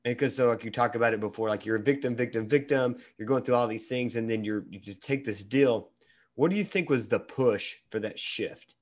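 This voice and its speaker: A man's voice: medium pitch, a little fast. Male interviewer, laid-back, probing follow-up questions.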